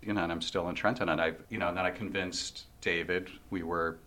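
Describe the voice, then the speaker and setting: Deep-voiced middle-aged man, low-key. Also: a little fast. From Brooklyn, New York. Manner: relaxed, low-key storytelling. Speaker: guest, law firm partner. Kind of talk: casual conversation.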